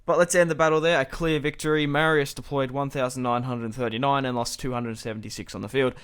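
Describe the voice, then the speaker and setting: Fast, clear, and resonant, this mid-range male voice belongs to a young gameplay commentator. He chats casually over a strategy game, musing aloud with occasional light laughter.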